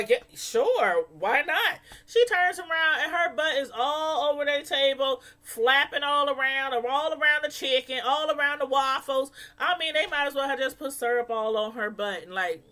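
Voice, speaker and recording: A woman casually reviewing a reality show episode, gossiping in an animated way. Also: high-pitched. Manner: animated, gossipy, laughing asides.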